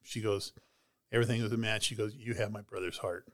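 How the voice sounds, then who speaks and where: A man's voice: on the low side, steady tone, fairly quick. A man, a heart transplant recipient, casually retelling a personal story in an interview, rambling with many "you know"s and "she goes".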